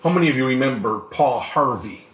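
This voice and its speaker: A man's voice: mid-range voice, lively intonation, fairly quick, a bit bright, echoey room, highs cut off. A male pastor preaching a sermon in a conversational way, often asking the congregation questions.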